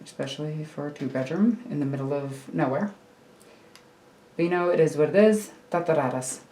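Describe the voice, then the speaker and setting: A woman's voice: deep voice, moderate pace, mellow, reverberant. A woman rambling casually while building a miniature model at home, chatty and self-mocking. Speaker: miniature hobby streamer. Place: home hobby room. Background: faint computer hum.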